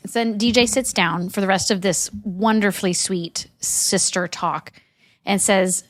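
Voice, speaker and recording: A woman co-hosting a podcast, recapping an episode in an animated, enthusiastic chatty way. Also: mid-range voice, measured pace, no room sound, clean studio sound. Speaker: podcast co-host. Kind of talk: casual chat, recapping episode.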